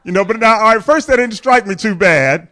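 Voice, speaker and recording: A man with a notably high voice preaches through a personal story. He tells it candidly and with humor, often chuckling and turning to speak directly to his listeners. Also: expressive, a little fast, bright, forceful tone. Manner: addresses the congregation directly. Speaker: pastor. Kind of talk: storytelling sermon.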